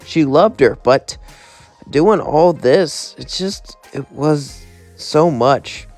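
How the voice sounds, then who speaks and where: A man's voice: on the high side, animated, extremely slow, a little mellow, soft background music. A man narrating a fan-made what-if story in a rambling way, with restarts.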